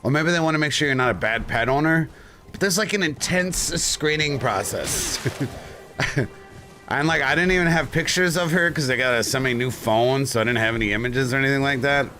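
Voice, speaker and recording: A man's voice: mid-range voice, brisk, soft background music. A man streaming live, chatting casually and telling stories with lots of swearing and frequent laughter. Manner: animated, swearing storyteller who laughs often.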